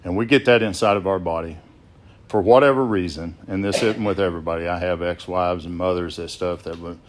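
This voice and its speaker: A deep-voiced man tells his recovery story to a gathered group. He speaks plainly and slips into quoted exchanges with others. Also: brisk, a little hiss or hum. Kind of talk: storytelling talk at a sobriety gathering. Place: gathering at a biker rally.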